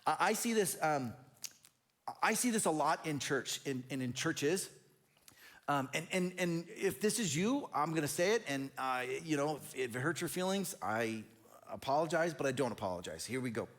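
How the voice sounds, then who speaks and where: An energetic male pastor preaching with a lively, up-and-down delivery. His voice sits fairly high for a man, and he tumbles over repeated words as he drives each point home. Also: moderate pace. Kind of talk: sermon.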